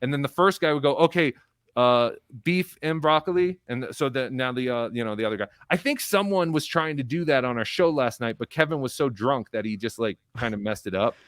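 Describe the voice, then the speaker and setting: A man's voice: medium pitch, fast talker, hardly any pauses, a bit bright, dry recording, studio quality. Rambling, foul-mouthed male comedian guest. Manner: rambling, profane storyteller. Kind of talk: casual live-stream interview.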